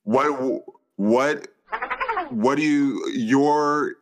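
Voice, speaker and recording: A man hosting a casual interview, relaxed and agreeable, stumbling over his words as he asks questions. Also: mid-range voice, extremely slow, background noise. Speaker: interview host.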